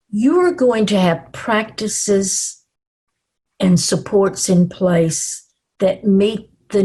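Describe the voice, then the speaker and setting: Older Southern-accented woman, webinar presenter, slow calming cadence, slightly husky. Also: fairly low pitch. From American South. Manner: slow, calm, reassuring.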